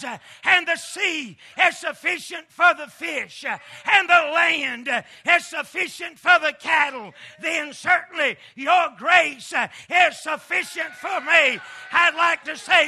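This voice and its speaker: A man's voice: very high-pitched, pushed and bright. A man preaching a sermon in a rhythmic cadence, building into fervent refrains and chanting repeated phrases.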